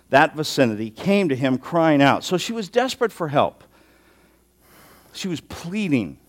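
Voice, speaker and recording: A man preaching an expository sermon as a pastor, conversational and given to joking asides. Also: fairly high pitch.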